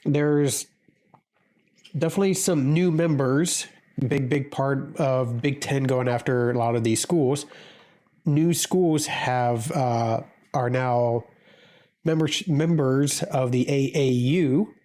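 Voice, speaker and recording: A man's voice: mid-range voice, takes it slowly, a little mellow. Stuffy-nosed man with a cold. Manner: hesitant, repeats words, fillers. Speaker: podcast co-host. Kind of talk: casual sports podcast talk.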